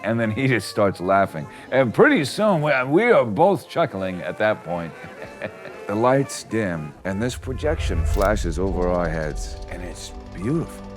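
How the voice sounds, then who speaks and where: A man's voice: fairly low pitch, very animated, measured pace. A man doing a rambling old storyteller over music. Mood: reminiscing. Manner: tall-tale storyteller, theatrical. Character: rambling old man recalling early cinema. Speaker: interviewee in a comic short film.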